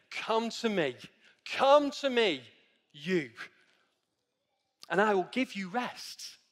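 High-pitched guy preaching a sermon, earnest, repeats himself, big echoey church hall. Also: a bit bright. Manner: earnest, repetitive preaching, addresses listeners as friends and guys. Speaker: pastor.

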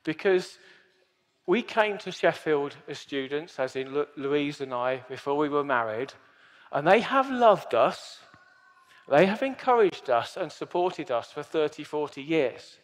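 A man's voice: a little high, sing-song, a little slow, long reverb tail. A man in his fifties giving an earnest, emphatic sermon as pastor. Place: church hall.

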